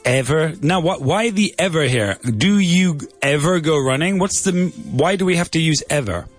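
Husky-voiced man explaining English usage. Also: a little high, expressive, moderate pace, soft background music. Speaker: English teacher and co-host. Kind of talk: casual teaching chat.

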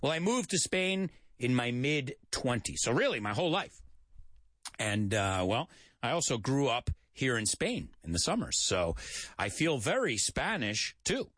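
A man's voice: mid-range voice, sing-song, measured pace, a bit bright, no echo, clean studio sound. An American man hosting a radio show, teaching English in a playful, jokey manner and mixing in Spanish explanations. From United States.

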